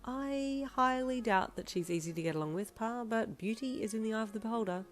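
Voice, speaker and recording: A woman reading a fan story aloud, voicing a lively, cheeky teenage schoolgirl who talks brightly. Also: on the high side, brisk, faint music behind, pitched above the performer's own voice, lightly acted.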